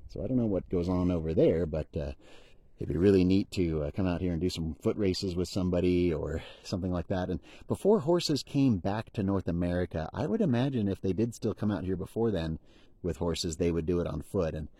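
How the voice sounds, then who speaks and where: A man's voice: low-pitched, fairly quick, warm tone, breathy edge, no room sound. A middle-aged man chatting outdoors on a mountain trail as he films a hiking vlog, rambling and enthusiastic, laughing at himself. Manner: rambling, enthusiastic, self-deprecating. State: out of breath after sprinting. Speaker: hiker vlogger. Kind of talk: casual outdoor vlog narration.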